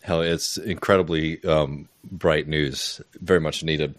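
Very deep-voiced male podcast co-host. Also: fairly even intonation, unhurried, no room sound. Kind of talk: casual political podcast chat.

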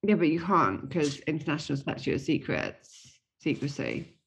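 A woman from Britain co-hosting a relaxed podcast and reading listener letters aloud. Her voice is husky and sits a little low, and she hesitates and fills gaps as she talks. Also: normal speed. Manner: chatty, hesitant with fillers. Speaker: podcast co-host. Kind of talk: casual chat, reading listener mail.

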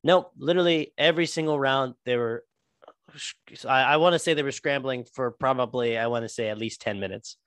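A man talking casually on a podcast, rambling and restarting his sentences, with plenty of swearing. His voice sits at an average pitch and is recorded dry and close, with no room sound. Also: fairly bright tone, dry recording. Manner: rambling, profane, halting restarts. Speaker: podcast co-host.

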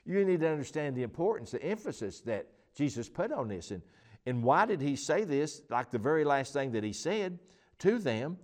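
A man's voice: on the high side, big pitch swings, moderate pace, a little mellow. Rambling, emphatic man teaching the Bible. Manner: rambling, emphatic, many restarts and fillers. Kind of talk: informal Bible teaching chat.

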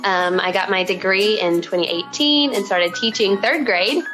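A woman in her twenties from Arkansas with a Southern accent, chatting as an interview guest and teacher, friendly with frequent ums and soft laughs. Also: mid-range voice, normal speed, music in the background, rough recording. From Arkansas, United States. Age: 20s. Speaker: guest, third grade teacher. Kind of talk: casual interview answers.

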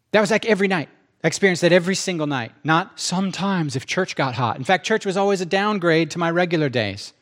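A middle-aged man preaching, telling his testimony in an animated, self-interrupting way and acting out quotes. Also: on the high side. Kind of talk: testimony storytelling.

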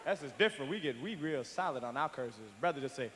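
A man performing live stand-up comedy, brash, profane and animated. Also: a little high, quick pace, noisy background. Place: large live venue. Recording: echoey live hall with loud crowd.

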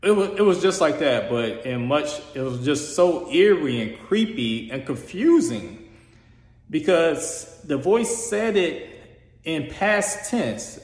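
A man earnestly telling a personal experience in a casual, halting way, with frequent restarts. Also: on the high side. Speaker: storyteller sharing a personal experience. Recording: roomy hall reverb.

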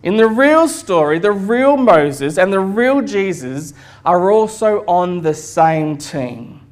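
Man preaching in a relaxed storytelling sermon. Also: high-pitched, slow. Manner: relaxed storytelling with fillers and jokes. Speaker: pastor.

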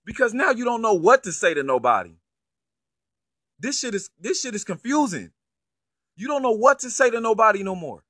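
Male vlogger reacting to a viral video, slangy and worked up, slightly high bright voice. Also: moderate pace, long pauses, dry recording, clean studio sound. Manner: profane, incredulous, animated slang. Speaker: online commentator. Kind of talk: casual reaction commentary.

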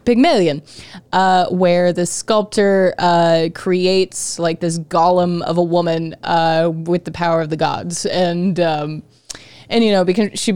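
A woman talking loosely and excitedly about a story, trailing off into fillers and tossing in swear words. Her voice is smooth and resonant, recorded close and dry with no room sound. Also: on the low side, dry recording. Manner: rambling, lots of fillers, swears casually. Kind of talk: casual chat about a play.

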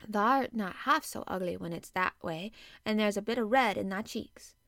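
A woman's voice: mid-range voice, moderate pace, a bit bright, no room sound, studio quality, lightly acted. A woman voicing a frank, kindly young housemaid in an audiobook. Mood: hearty. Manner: broad dialect, frank and hearty. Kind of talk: audiobook character voice.

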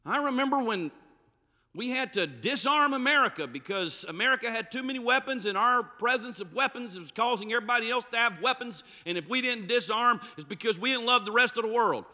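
A man preaching a sermon, swinging between loud emphatic bursts and low, dropped phrases. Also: lively intonation, a little fast. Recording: reverberant hall.

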